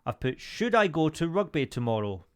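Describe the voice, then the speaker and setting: A man's voice: a little high, very animated, moderate pace, clean tone. A man in his thirties, co-hosting a podcast in casual chat, rambling through old stories and laughing often. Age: 30s. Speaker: podcast co-host.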